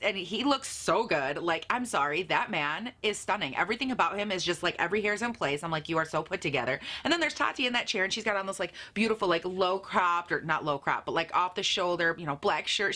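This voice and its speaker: A woman's voice: mid-range voice, bright, forceful tone. A woman beauty vlogger chatting casually in a camper, giggly and jokey, rambling between asides. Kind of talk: casual chat.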